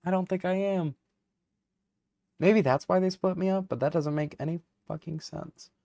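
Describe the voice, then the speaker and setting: A man's voice: high-pitched, normal speed, vocal fry, warm tone, no echo. A young man vlogging to camera, ranting heatedly and rambling, with many fillers and swearing.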